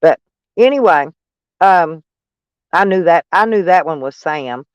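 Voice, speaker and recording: Reading viewer comments on his live stream, this Arkansas man with a Southern drawl jokes at his own expense, rambles, and laughs now and then. His high, smooth, polished voice is expressive and a little slow, captured dry and close with no echo.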